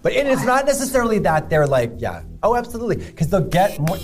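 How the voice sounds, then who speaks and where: A man's voice: high voice, very animated, fast talker, soft background music. A man in his thirties co-hosting a comedic chat, dry and wry, bursting into exaggerated outrage. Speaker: co-host.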